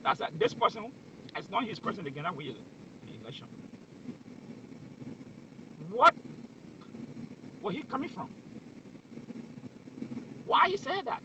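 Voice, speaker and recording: A man's voice: sits high, huge pitch swings, measured pace, long pauses, dull audio, background noise. A man giving heated political commentary, emphatic and full of rhetorical questions.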